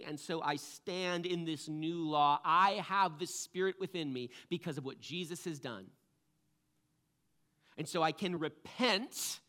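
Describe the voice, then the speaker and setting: Male pastor, high bright voice, earnest sermon delivery.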